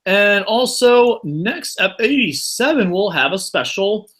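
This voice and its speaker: A man's voice: sits high, animated, a little slow, a bit bright. A man hosting a podcast in casual chat, laughing, joking and swearing a lot. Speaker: podcast host.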